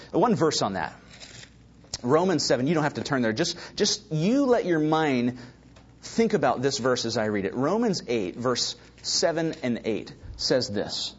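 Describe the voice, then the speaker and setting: A man preaching a sermon, emphatic and building to loud stresses, with a slightly husky voice. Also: fairly high pitch, muffled recording. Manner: emphatic, rising to shouts for stress.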